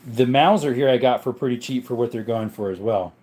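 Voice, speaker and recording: A man's voice: medium pitch, fairly quick, a little mellow. Laid-back man with a worn voice. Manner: laid-back, rambling, reads comments aloud. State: strained, worn voice. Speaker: livestream host and gun collector. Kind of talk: casual live chat answering viewers. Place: home room with a gun collection.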